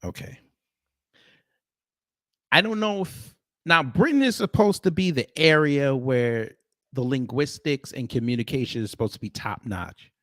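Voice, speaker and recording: A man's voice: mid-range voice, expressive, a little slow, dry recording, studio quality. A man hosting a livestream, ranting at and mocking the clips he reacts to. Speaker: livestream host.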